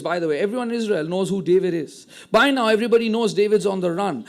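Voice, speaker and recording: A man preaching a sermon, retelling a story with animated acted-out quotes and frequent word restarts. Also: sits high, quick pace, few pauses. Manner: repeats words when restarting. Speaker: pastor.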